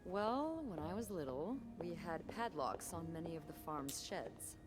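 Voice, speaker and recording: A good-humored, handy hotel worker from farm country, low-pitched for a woman and bouncing all over her range. She guides and encourages as she goes, game dialogue with music playing beneath. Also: lively intonation, unhurried. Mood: cheerful.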